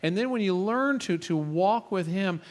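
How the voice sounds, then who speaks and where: A man preaching a sermon as a church pastor, earnest, dropping his voice to a hush for the quiet lines. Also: high-pitched, expressive, normal speed. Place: church sanctuary.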